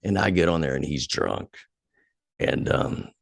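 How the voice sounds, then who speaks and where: A man with an extremely low, gravelly voice tells a rambling story for a podcast, swearing freely. The sound is close and dry. He heats up as he recalls being angry. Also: measured pace, dry recording. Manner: profane, animated when retelling anger. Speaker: podcast host. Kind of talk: casual storytelling chat.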